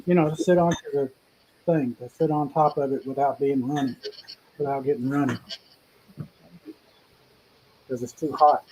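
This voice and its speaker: A man's voice: medium pitch, fairly even intonation, brisk, mellow, a little hiss or hum, low-quality recording. A man hosting a casual cooking show, chatting in a folksy, rambling way. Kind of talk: casual live cooking chat.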